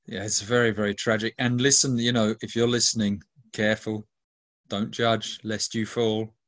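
A man's voice: lowish voice, flat delivery, normal speed, fairly bright tone. A man leading a Christian ministry, answering interview questions in an earnest way, often restarting and stacking lists of emphatic words. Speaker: ministry leader.

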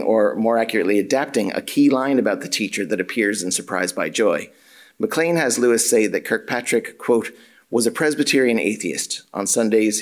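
A man, a drama and theatre studies lecturer, reading an academic paper aloud in a measured, formal way with occasional dry asides. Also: on the low side.

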